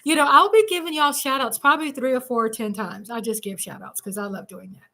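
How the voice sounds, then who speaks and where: A woman's voice: on the high side, quick pace, sharp tone. A woman hosting a casual livestream from home, bubbly and chatty, laughing often. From Texas. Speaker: livestream host.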